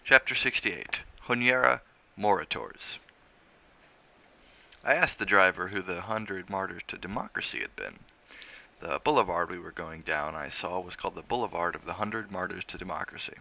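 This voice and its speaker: A man reading a novel aloud in steady, measured narration. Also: low-pitched, vocal fry. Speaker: reader of a novel on a stream.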